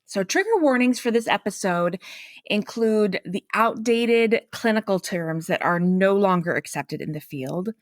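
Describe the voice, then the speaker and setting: A woman's voice: mid-range voice, lively intonation, measured pace, no room sound, clean studio sound. A woman hosting a podcast, reading scripted narration in a chatty, self-deprecating way with laughing asides. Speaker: podcast host.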